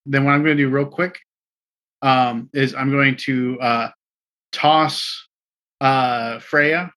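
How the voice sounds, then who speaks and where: A man's voice: mid-range voice, steady tone, takes it slowly, bright, forceful tone. A man playing a tabletop game, speaking hesitantly with many fillers. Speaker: player. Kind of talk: casual tabletop play.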